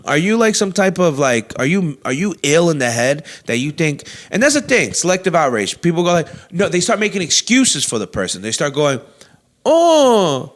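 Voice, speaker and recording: A man telling a comedy story with a lively voice that swings high and low. He is loud and profane and acts out every quote. He sits a little above the usual male pitch. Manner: loud, animated, swears often, acts out quotes. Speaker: comedian host.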